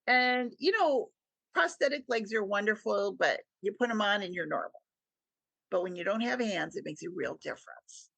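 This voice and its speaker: A woman's voice: medium pitch, animated, normal speed, creaky, fairly bright tone, dry recording. A middle-aged woman, a podcast guest, telling a personal story with earnest feeling and acting out what people said. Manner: earnest storytelling, acts out quoted dialogue.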